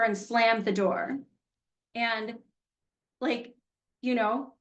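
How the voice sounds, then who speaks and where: A woman's voice: fairly high pitch, fairly even intonation, slow pace, long pauses, fairly bright tone. Woman, middle-aged, workshop teacher; casual, candid, light laughs. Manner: chatty, candid, laughs easily. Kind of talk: teaching an online class.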